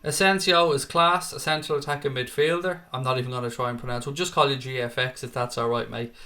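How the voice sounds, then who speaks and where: A man's voice: mid-range voice, fairly even intonation, fast talker, pushed and bright. An Irish man hosting a fan channel, chatting casually and rambling through viewer comments with self-deprecating asides. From Ireland. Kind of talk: casual live-chat commentary.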